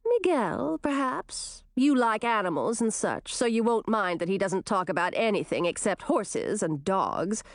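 A woman's voice: mid-range voice, lively intonation, measured pace, few pauses, no echo, clean studio sound. A woman voicing a haughty, bossy teenage princess who talks down to her sister. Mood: condescending. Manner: condescending, chattering.

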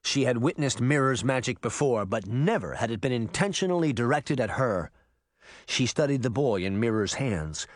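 In a mid-range voice at a moderate pace, a man narrates a scripted story expressively, audiobook-style. The sound is studio quality and dry.

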